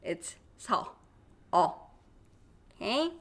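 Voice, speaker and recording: A woman's voice: medium pitch, big pitch swings, very slow, fairly bright tone. A woman with a Korean accent teaching Korean vowels in a live online class, reading viewer comments aloud and drilling each sound by repeating it. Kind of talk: live-streamed language lesson.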